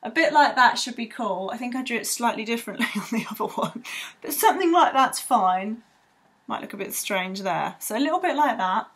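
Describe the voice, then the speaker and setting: A woman's voice: fairly high pitch, lively intonation, a little fast, fairly bright tone, husky. A young woman teaching children to draw in a bubbly, rambling way with playful sound effects. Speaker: art tutor. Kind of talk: drawing tutorial for children.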